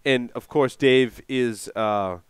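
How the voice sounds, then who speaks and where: A man hosting a casual show, introducing a guest and teasing his co-host in quick upbeat bits. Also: medium pitch, smooth, no room sound.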